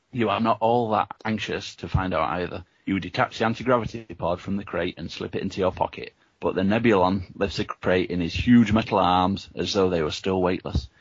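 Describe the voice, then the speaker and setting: Man reading a gamebook aloud, very deep voice, husky, dry lo-fi recording. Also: no echo. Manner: steady reading, offers choices. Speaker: reader and host.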